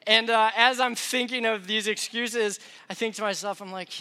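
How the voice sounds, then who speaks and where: Bright-voiced young male preacher. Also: high-pitched, steady tone, normal speed, clear, resonant tone. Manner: conversational, self-deprecating storytelling. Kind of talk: sermon.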